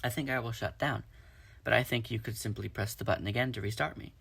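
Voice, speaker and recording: A man's voice: mid-range voice, fairly even intonation, fast, gravelly, fairly bright tone, breathy edge. A man voicing a polite female robot mother in a storybook read-aloud, speaking level, precise and formal. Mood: calm. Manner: level, precise, formal speech without contractions.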